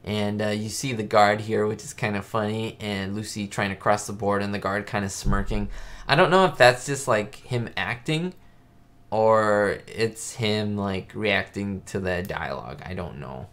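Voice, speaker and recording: A man's voice: lowish voice, measured pace, fairly bright tone. A man hosting a casual live-stream chat, talking in a rambling way full of "like" fillers.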